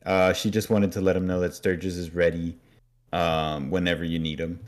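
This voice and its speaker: A man with a very low, deep voice chats casually as a podcast co-host, walking through a story. He keeps slipping into short put-on voices for the characters before dropping back to his own relaxed telling. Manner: acts out characters' lines in quick put-on voices. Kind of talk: casual chat recapping a story.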